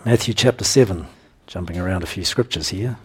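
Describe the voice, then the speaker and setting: A man preaching a sermon, his voice husky and sitting a little low. He works through scripture verses one by one and breaks into emphatic, animated bursts with chuckles. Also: a little fast. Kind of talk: sermon teaching.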